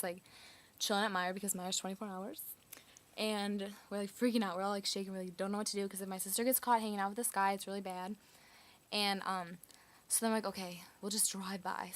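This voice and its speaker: A woman's voice: medium pitch, a bit bright. A woman casually telling a personal story, chatty and full of "like" fillers.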